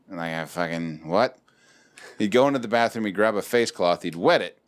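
A man's voice: deep voice, brisk. A man in casual chat, telling a joking, profane story and laughing often.

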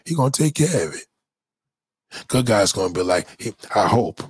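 Husky, emphatic man lecturing on stream. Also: on the low side, big pitch swings, normal speed, no room sound, studio quality. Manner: emphatic, profane, preachy. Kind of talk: casual livestream monologue.

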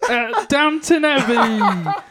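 A man voicing a posh, upper-class English male frog puppet in a prim, halting manner. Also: very high-pitched, sing-song, very noisy, full character voice. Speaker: podcast co-host.

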